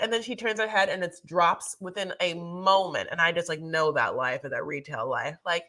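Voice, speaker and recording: A woman co-hosting a podcast, recapping a reality show in casual chat as an animated, rambling storyteller. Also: fairly low pitch, a little fast, hardly any pauses. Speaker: podcast co-host.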